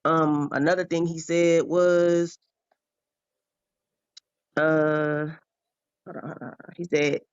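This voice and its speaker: Slow, hesitant male caller. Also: on the high side, little pitch movement, smooth, no echo, muffled recording. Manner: hesitant, searches for words.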